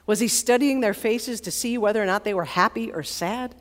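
A woman college chaplain preaching a sermon in a relaxed, conversational storytelling manner. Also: fairly high pitch, brisk. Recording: long hall reverb.

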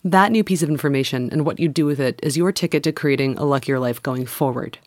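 A woman's voice: low voice, fast talker, darkish tone, no room sound, studio quality. A woman co-hosting a podcast, talking in an upbeat, reflective way. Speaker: podcast co-host. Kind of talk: casual podcast chat.

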